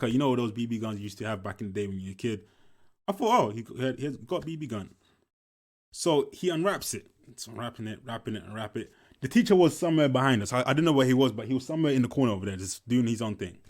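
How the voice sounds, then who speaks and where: A man's voice: medium pitch, animated, fast talker, a little mellow. A young man, telling a school story casually while commenting on a film, swearing often and repeating himself. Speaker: movie reaction commentator.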